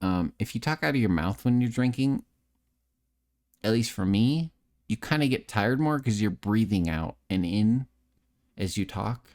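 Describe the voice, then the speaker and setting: A man's voice: fairly low pitch, expressive, a little slow, darkish tone. Tipsy male streamer, nasal tone, slight lisp, rambling, self-deprecating chat on a close mic. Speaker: streamer and voice actor. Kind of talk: casual live-stream chat. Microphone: close desk microphone.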